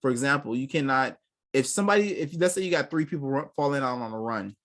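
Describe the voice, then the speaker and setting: Casting: young man, mid-pitched, casual co-host, blunt and profane, acts out quotes. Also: expressive, fast talker, a bit bright. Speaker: podcast co-host. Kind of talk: casual chat.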